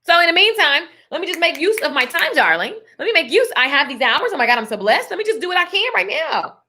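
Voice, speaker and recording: A woman delivers a casual, emphatic motivational talk, sprinkling in pet names like darling and honey. Her voice sits high and sounds bright and clear. She keeps a preachy, church-flavored tone throughout. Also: big pitch swings, quick pace. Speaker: motivational speaker on a live stream.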